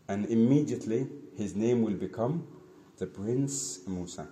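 A man's voice: lowish voice, unhurried, mellow, slight background noise. Man telling a scripture story in an echoey room. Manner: asks the listeners questions, acts out quotes. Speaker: teacher. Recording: echoey room with faint ambience.

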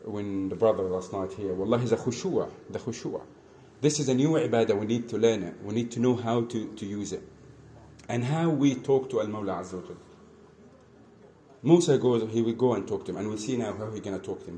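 A man preaching an earnest lesson, repeating phrases and swinging between soft asides and emphatic calls. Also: lowish voice, fairly quick, slight background noise. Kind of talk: mosque lesson, storytelling sermon.

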